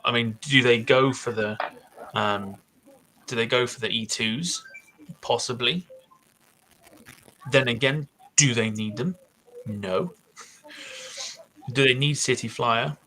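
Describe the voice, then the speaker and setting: A man's voice: mid-range voice, takes it slowly, long pauses, bright, forceful tone, a little hiss or hum, rough recording. A man hosting a podcast, thinking aloud in casual chat with many hesitations. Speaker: podcast host.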